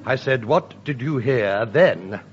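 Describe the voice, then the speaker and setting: A man performs radio sketch comedy with a deadpan, mock-lecturing manner. His pitch moves a lot. The old recording sounds dull and hissy. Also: slow pace.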